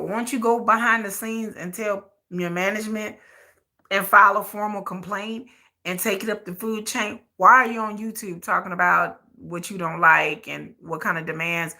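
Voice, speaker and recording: Bright sharp woman ranting blunt, repeating herself for emphasis. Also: medium pitch. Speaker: commentary channel host. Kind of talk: opinionated commentary.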